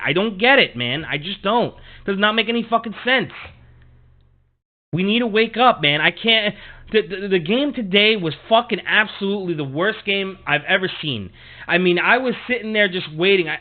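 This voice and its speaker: On his sports podcast, a man delivers a profane, heated monologue full of repetition. He speaks a little fast in a high voice with lively intonation, and the sound is thin and phone-like.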